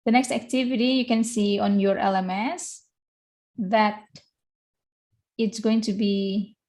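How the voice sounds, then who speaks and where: A woman with an Indonesian accent teaching an online university English class, switching between English and Indonesian and often pausing with "uh" and "eh". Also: mid-range voice, steady tone, a little mellow. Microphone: video call.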